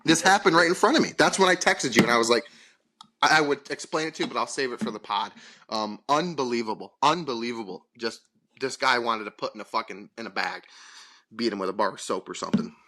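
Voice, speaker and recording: A male podcast co-host tells a profane, exasperated story in casual storytelling chat, acting out the people involved. His medium-pitched voice is fast, pushed, and bright.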